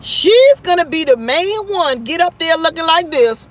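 A woman's voice: extremely high pitch, lively intonation, moderate pace. A woman hosting a casual livestream, chatting with viewers, laughing often and trash-talking bluntly. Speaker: livestream host.

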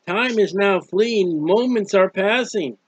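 Earnest high-voiced preacher, dull dry recording. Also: male voice, takes it slowly, slightly rough, no echo. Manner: earnest, pleading, repetitive phrasing. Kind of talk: sermon-style hymn commentary.

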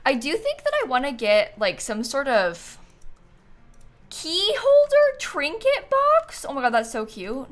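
A woman's voice: a little high, lively intonation, normal speed, few pauses. Chatty woman streamer thinking aloud. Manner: chatty, musing aloud, talks to chat and objects. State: sleepy, yawning. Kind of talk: casual livestream commentary while playing.

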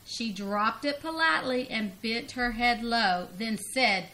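A woman's voice: on the high side, measured pace. A grandmother reading a children's storybook aloud expressively, laughing and leaping up on the cries. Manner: expressive, laughing, big vocal jumps on cries.

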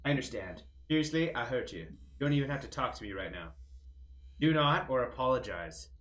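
A man's voice: mid-range voice, fairly quick. A young man streaming a game, reading its text aloud and reacting with casual, joking commentary. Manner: animated, jokey, swears casually.

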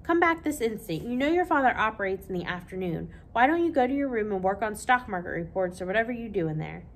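A woman's voice: medium pitch, expressive, fast talker, slight background noise, lightly acted. A woman voicing a fussy, snobbish middle-aged mother who talks in a prim, scolding way.

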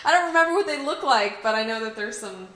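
A woman's voice: fairly high pitch, expressive, fast talker, a bit bright. A young woman giving casual, teasing commentary while explaining a horror game to a friend. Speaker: co-host showing a game. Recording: roomy room with noise.

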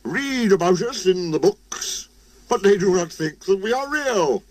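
A man's voice: sits high, animated, unhurried, crowd noise, voice pushed up. A man doing a pompous, stern railway boss. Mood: grand. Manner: pompous, bellowing orders. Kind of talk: storybook reading. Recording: music playing behind.

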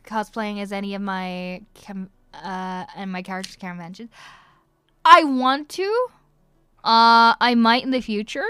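A woman's voice: medium pitch, fairly bright tone, smooth, dry recording. Giggly woman with an Irish-transatlantic accent. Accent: Irish-transatlantic mix. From Northern Ireland. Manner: giggly, effusive, rambling with many fillers. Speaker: voice actress answering fan questions. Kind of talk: casual livestream Q&A.

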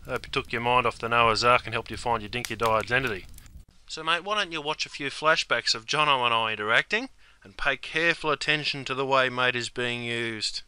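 A man with a gravelly voice and an Australian accent, explaining slang in a broad, matey, deadpan way for a comedy sketch. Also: mid-range voice, a little fast. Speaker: comic host explaining slang.

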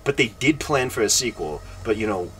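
A man's voice: on the low side, lively intonation, brisk, a bit bright, far from the mic, a little hiss or hum, low-quality recording. A man co-hosting a gameplay podcast, talking casually in a rambling, jokey way full of fillers. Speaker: gaming podcast co-host.

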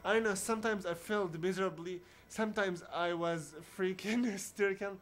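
A man giving casual commentary on a video game playthrough, talking haltingly with many restarts and searching for words. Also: high-pitched, fairly even intonation. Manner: reads on-screen dialogue aloud in his own voice. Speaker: video game let's player.

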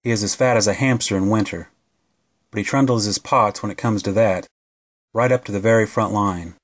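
A man narrating an audiobook, reading a novel aloud at a steady, measured pace. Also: on the low side.

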